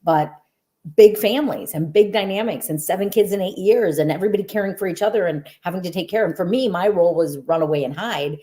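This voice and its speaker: Low-voiced affirming woman podcast host. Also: quick pace, dark tone. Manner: earnest, affirming, reflective. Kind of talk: casual podcast conversation.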